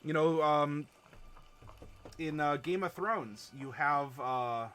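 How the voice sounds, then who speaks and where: A man's voice: on the high side, slow pace, a bit bright. A man from Ohio hosting a live-stream worldbuilding workshop, chatting casually, reading chat messages aloud and laughing often.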